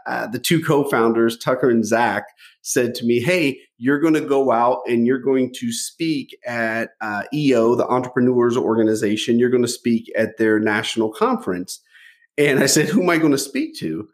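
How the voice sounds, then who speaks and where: A middle-aged man telling stories from his life as a podcast guest, animated, often repeating a word as he starts a thought. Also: medium pitch, moderate pace. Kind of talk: storytelling interview.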